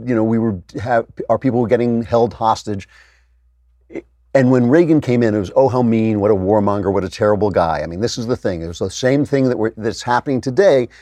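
A middle-aged man hosts a political talk show, delivering an opinionated monologue in a mid-pitched voice. He turns sarcastic and mocks others' words in a raised tone. The sound is dry and close, with no room echo. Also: mellow. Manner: sarcastic, mocking quotes in raised voice. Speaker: political commentary host.

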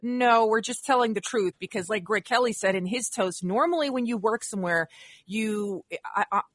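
A woman's voice: mid-range voice, moderate pace, fairly bright tone, no echo. A woman hosting a talk radio show, chatting casually with lots of fillers. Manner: chatty, uses many fillers.

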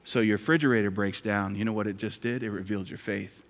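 A man's voice: lowish voice, fairly even intonation, fast. A male pastor preaching a sermon in a conversational, joking way, repeating key lines. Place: church sanctuary. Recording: hall reverb.

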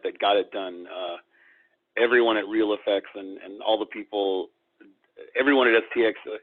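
A man who works in animation, answering interview questions with hesitant ums and easy chuckles. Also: on the low side. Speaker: animation director, guest. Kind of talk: casual interview. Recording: tinny phone-line sound.

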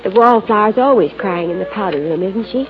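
An actress in 1940s radio acting, playing a bitter, self-pitying former wallflower, a wife of forty-two who talks in a rueful, teary, sardonic way. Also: female voice, mid-range voice, expressive, a little fast, natural voice. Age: 40s. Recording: lo-fi old radio recording with music.

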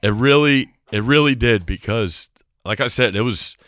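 A man with a bright, clear, resonant voice co-hosts a sports podcast. He speaks earnestly in halting bits, and the recording sounds dry and close. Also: medium pitch, no echo. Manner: earnest, halting, laughs between phrases. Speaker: podcast co-host. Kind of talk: casual sports podcast chat.

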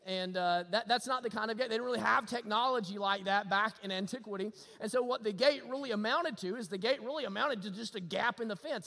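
A man preaching a sermon, telling a story, shifting between loud emphasis and hushed low lines. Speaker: pastor. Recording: long hall reverb.

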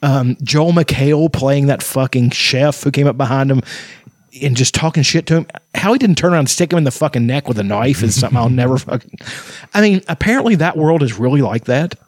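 A man's voice: mid-range voice, animated, brisk, no echo, clean studio sound. A man in casual chat who swears freely, tells rambling stories and laughs often.

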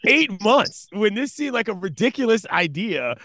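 A man co-hosting a podcast in casual chat who is animated and often laughs between his lines. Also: sits high, normal speed, no echo, clean studio sound. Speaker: podcast co-host.

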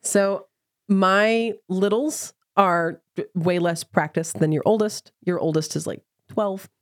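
A woman in her thirties co-hosting a podcast, talking in quick, emphatic bursts. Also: medium pitch, dry recording, clean studio sound. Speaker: podcast co-host. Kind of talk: casual chat.

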